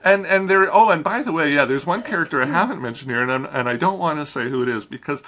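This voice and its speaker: A man's voice: on the high side, expressive, fast talker, pushed and bright. A man reviewing a film in a casual chat, talking easily with frequent restarts and laughs. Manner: chatty, laughs often, many restarts.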